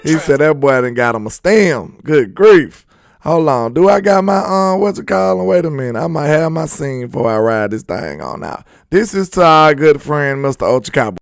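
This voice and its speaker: A young man hosting a sports live stream, reading chat and loudly teasing viewers with laughter. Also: a little high, expressive, moderate pace, creaky, dry recording, clean studio sound, faint music behind. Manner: loud trash talk, laughing and teasing viewers. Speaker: sports channel host.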